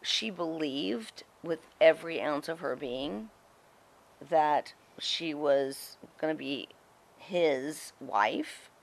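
A woman's voice: deep voice, lively intonation, takes it slowly, vocal fry. A middle-aged woman, a guest on an interview show, telling stories bluntly and emphatically, with frequent swearing. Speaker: guest, former wrestling personality. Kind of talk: candid interview storytelling.

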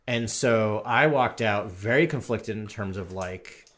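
A man with a fairly low voice chats about a film on a podcast. He is reflective and easygoing, thinking aloud and tagging his points with a questioning "right?". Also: a little slow, a bit bright. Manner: reflective, conversational, tags lines with "right?". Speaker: podcast co-host. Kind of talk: casual film discussion.

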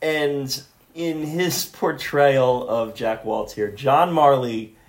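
A man co-hosting a casual film podcast, animated and quoting lines from the movie. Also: medium pitch, takes it slowly. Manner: animated, quotes lines in put-on voices. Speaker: podcast co-host.

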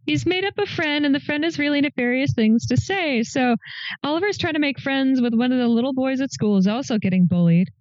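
Woman in her 30s, podcast co-host, animated and jokey, slightly high voice, dry and dull recording. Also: brisk, no room sound. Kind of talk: casual film review chat.

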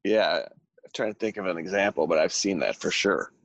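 A man's voice: deep voice, moderate pace, fairly bright tone, husky, no room sound, lo-fi sound. A man co-hosting a casual podcast with an American accent, joking and laughing often as he chats. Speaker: podcast co-host. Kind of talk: casual chat.

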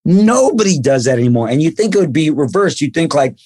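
A man, the host's cousin, talking as a podcast guest in a blunt, teasing way and slipping into quick impressions. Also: on the high side, very animated, darkish tone, slightly rough. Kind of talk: casual podcast chat.

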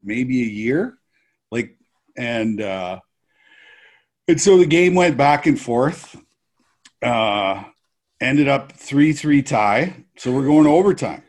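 Male guest, slow-paced, laid-back storyteller. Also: medium pitch, lively intonation, a little mellow. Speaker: guest, former hockey player. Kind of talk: casual storytelling.

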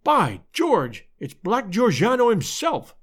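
A man reading aloud and voicing an excited American detective with an American accent who exclaims briskly. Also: fairly high pitch, exaggerated voice. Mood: startled.

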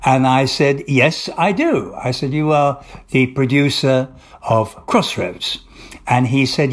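With a mid-range voice and a slow pace, an older actor answers interview questions through lengthy, wandering anecdotes, complete with restarts and voiced-out dialogue.

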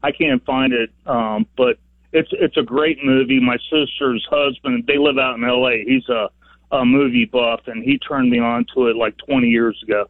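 A man's voice: mid-range voice, fairly even intonation, moderate pace, no echo. A man calling in to a radio show, rambling and repeating himself with many uhs. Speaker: caller. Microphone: telephone. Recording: dry tinny phone line.

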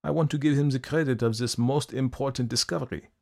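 A man reading aloud and voicing an earnest, persistent older man with gentle concern. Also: mid-range voice, fairly even intonation, fast, creaky, pitched above the performer's own voice, close to an everyday voice.

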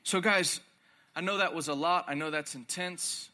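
Male preacher, young, intense and emphatic; high, piercing bright tone. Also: moderate pace. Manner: intense, emphatic, repeats phrases. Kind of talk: sermon. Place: large room with audience.

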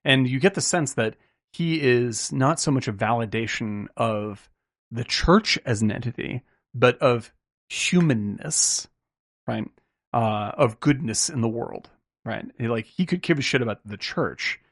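A man with a gravelly, creaky voice talks his way loosely through a film discussion, piling on fillers and tag questions. The recording is dry and close, with no room sound. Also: medium pitch, expressive, unhurried, no room sound. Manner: rambling, many "like" and "right?" fillers, swears casually. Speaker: film podcast host.

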